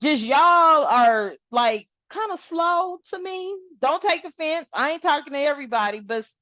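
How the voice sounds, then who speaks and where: A woman hosting a spiritual channel, talking casually to her viewers in an animated, rambling way and swearing freely. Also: high voice, normal speed, no room sound, lo-fi sound.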